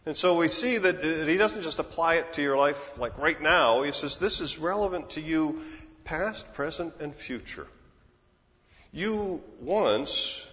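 This sermon comes from a man in his sixties whose fairly high, slightly bright voice carries an earnest, conversational tone as he frequently starts phrases over. He is a pastor, recorded with muffled sound and the long reverb of a large hall.

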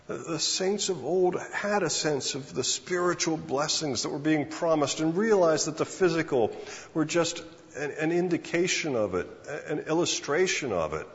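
A man's voice: a little high, animated, moderate pace. A man preaching as pastor, often asking the congregation rhetorical questions, acting out what imagined people think and stumbling into word repeats. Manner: acts out imagined speakers' thoughts; frequent word repeats and restarts. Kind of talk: sermon. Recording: long hall reverb, dull lo-fi sound.

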